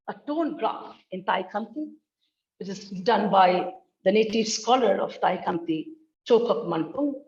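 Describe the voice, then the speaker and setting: A woman's voice: medium pitch, darkish tone, dull audio. A woman giving an academic talk on linguistics, speaking carefully and demonstrating tones with examples. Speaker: linguistics researcher presenting.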